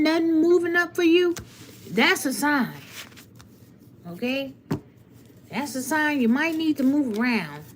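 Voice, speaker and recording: A woman's voice: high-pitched, slight background noise. A woman giving a blunt, preachy tarot reading on a live stream and talking straight to her viewers. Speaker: tarot reader. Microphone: webcam or phone on a live stream.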